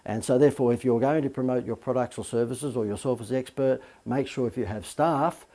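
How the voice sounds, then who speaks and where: Chatty male marketing coach, mellow voice. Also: medium pitch, a little fast. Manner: chatty and informal, many fillers, checks in with "okay?". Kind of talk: business marketing lesson to camera.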